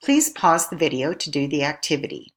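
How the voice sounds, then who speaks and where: A woman with a low, sing-song voice narrates a recorded lesson, questioning her viewers again and again as their instructor. She speaks clearly and keeps a measured pace.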